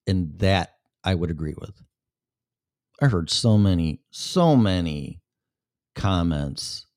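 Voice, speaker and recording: A man with a very low voice talks straight to his listener as a show host, blunt and full of casual profanity. His voice sits close and dry, with no room sound behind it. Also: a little mellow, no echo.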